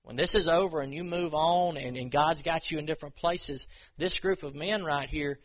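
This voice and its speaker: A man preaching an informal sermon to a group of men, reading scripture slowly and then talking it through in plain, earnest words. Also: a little high, fairly bright tone, highs cut off.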